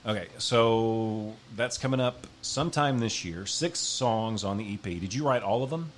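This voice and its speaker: A man's voice: fairly low pitch, moderate pace, a little hiss or hum. A man hosting a casual interview, chatty and joking, with lots of fillers. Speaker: podcast host.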